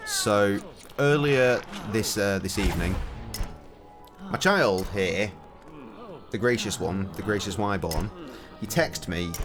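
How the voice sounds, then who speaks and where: Sweary streamer, lowish voice. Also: male voice, slow, pauses often, music in the background. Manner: sweary, cheeky banter. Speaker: gaming streamer. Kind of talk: casual commentary with storytelling. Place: home, indoors.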